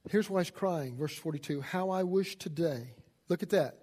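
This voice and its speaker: A man preaching a sermon as a pastor, folksy and swinging from loud emphasis to hushed asides. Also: fairly high pitch, moderate pace, breathy edge.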